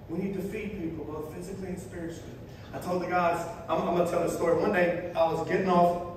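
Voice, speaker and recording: A man from Florida preaches a sermon in a church, with a fairly high voice. He tells stories in a loose, conversational way with touches of humor. The sound is heavily echoey and comes from some distance off the mic. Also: little pitch movement, fast talker. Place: church sanctuary. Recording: echoey hall, voice far from mic, faint noise.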